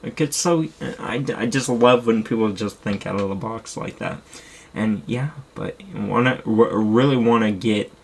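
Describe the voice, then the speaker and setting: A young man chatting casually and rambling excitedly as a streamer, with the odd curse word. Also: lowish voice, measured pace, breathy edge. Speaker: streamer showing his movie collection. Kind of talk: casual chat.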